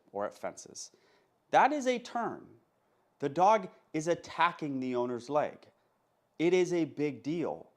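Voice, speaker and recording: A man in a mid-range voice delivers a casual, unscripted lesson as a dog trainer. He speaks emphatically and keeps checking in with his listeners as he goes. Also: medium pitch. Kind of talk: casual instructional monologue.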